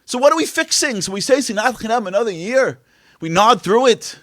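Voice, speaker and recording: A man delivers an impassioned inspirational talk, his voice pitched very high and leaping around with lively energy. He fires off rhetorical questions and drops from loud bursts to near hushes. The sound is close and dry, with little room around it. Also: fairly quick, dry recording. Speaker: speaker at a Tisha B'Av event. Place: event venue.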